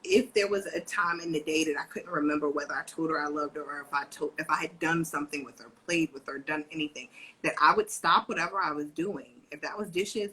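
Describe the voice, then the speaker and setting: Husky-voiced woman telling parenting stories. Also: low voice, rough recording. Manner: animated storyteller, acts out her daughter's voice. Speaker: co-host and parent educator. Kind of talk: casual live-stream chat.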